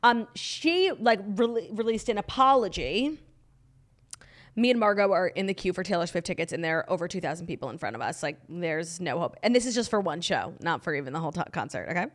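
A young woman co-hosting a casual podcast, spilling reality-show drama in a chatty, gossipy way. She tells the story with animated energy and fills it with "like". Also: lowish voice, fairly quick. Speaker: podcast co-host. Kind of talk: casual chat.

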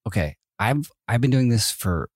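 A man's voice: medium pitch, very animated, moderate pace, darkish tone, breathy edge, dry recording, studio quality. A man co-hosting a podcast from bed at home, joking and teasing in casual chat. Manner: jokey, teasing, playfully distracted. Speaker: podcast co-host.

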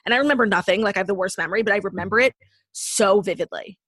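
Young woman podcast cohost, rapid chatty talk, kinda husky, dry close sound. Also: medium pitch, dry recording. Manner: chatty, lots of "like", animated storytelling. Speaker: podcast co-host. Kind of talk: casual chat.

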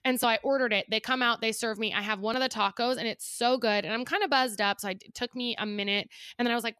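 A young woman co-hosting a chatty podcast, her voice bright and a touch high. She tells stories with a lot of animation and acts out the people she quotes. The sound is close and dry. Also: quick pace, few pauses, no room sound. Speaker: podcast co-host. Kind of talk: casual chat.

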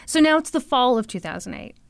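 A woman's voice: high voice, quick pace, gravelly, clear, resonant tone, dry recording, studio quality. Woman telling a story in casual chat. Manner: animated storyteller with frequent "like" and "you know". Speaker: podcast host telling a true crime story.

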